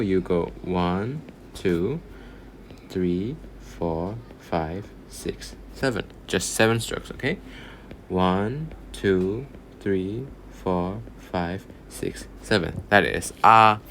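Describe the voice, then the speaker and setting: A man's voice: sits low, a bit bright, slight background noise. A man teaching a casual online language lesson, patiently repeating words and counting strokes aloud.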